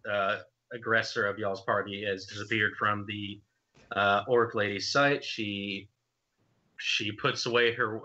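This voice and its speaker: A man's voice: fairly low pitch, bright, forceful tone. A young man running a tabletop game as game master, narrating in a loose, hesitant way with many fillers, on dull lo-fi stream audio.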